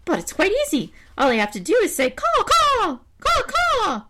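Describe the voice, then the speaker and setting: A cheeky, bargaining crow chirps in a high, squawky voice. A woman puts it on while reading aloud. It is a storybook animal with a very lively voice. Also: quick pace, very noisy. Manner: chirpy, high-pitched, cawing.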